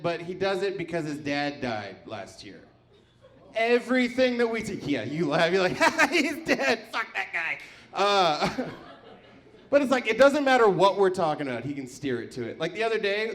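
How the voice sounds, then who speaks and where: Male comic, deadpan delivery, raised pitch, live in an echoey venue. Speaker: stand-up comedian. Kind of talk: stand-up comedy set.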